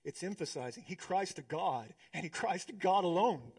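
Male pastor, high voice, sermon delivery, shifts from hushed to emphatic. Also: lively intonation, breathy edge. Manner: preaching with pauses, swinging between hushed and emphatic.

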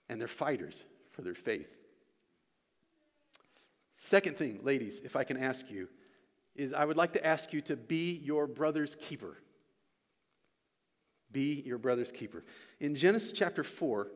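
A man preaching a sermon as pastor and church elder, earnest and repeating his key lines for emphasis. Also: on the high side. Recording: long reverb of a large hall.

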